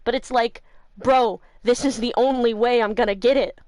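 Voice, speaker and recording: A woman's voice: on the high side, fairly even intonation, normal speed, a little mellow, no echo. A woman streamer chatting loosely with her live viewers from home, her voice stuffy and congested, swearing freely and laughing often. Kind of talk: casual chat with live viewers. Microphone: new desk mic.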